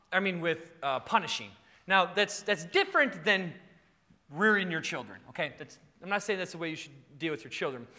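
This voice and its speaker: Male preacher, playful and animated, high pitch swooping widely; long hall echo. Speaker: pastor. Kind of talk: sermon.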